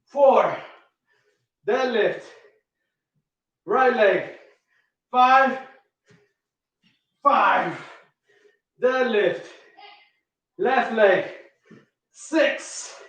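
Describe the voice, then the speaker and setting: A fitness coach with a very high-pitched, slightly bright voice counts reps aloud and calls out each move, breathless as he leads the workout. He's recorded far from the mic in an echoey room.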